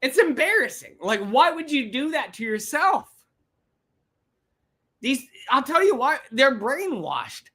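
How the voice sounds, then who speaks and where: A woman's voice: high-pitched, very animated, slow pace, pauses often, fairly bright tone. A woman hosting a livestream podcast, ranting with lots of swearing and repetition. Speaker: podcast host.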